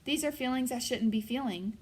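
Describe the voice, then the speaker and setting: A woman narrating a first-person audiobook in an even, storytelling manner. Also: a little high, brisk, breathy edge.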